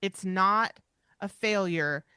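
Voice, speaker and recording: A woman's voice: mid-range voice, slow, pushed and bright, smooth, dry recording, clean studio sound. A woman co-hosting a podcast about dog training, talking in an emphatic, reassuring, chatty way. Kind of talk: casual podcast chat.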